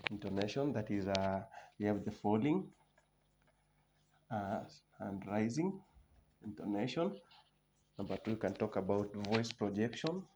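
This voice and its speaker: A man's voice: fairly low pitch, animated, unhurried, pauses often. A man teaching an exam revision lesson, listing points one by one, repeating key terms and often restarting his sentences. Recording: noisy background.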